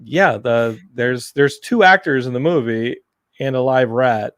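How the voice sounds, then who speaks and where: A man hosting a casual podcast chat, telling animated stories about his family and film sets. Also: mid-range voice, unhurried, dry recording. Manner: animated storyteller, mimics his mom. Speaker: podcast host and filmmaker.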